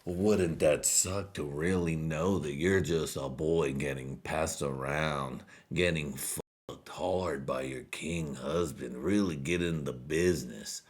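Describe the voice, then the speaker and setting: A man putting on the voice of a solemn male documentary narrator, speaking in a slow, hushed, mock-serious way. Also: extremely low pitch, breathy edge, pitched below the performer's own voice, full character voice.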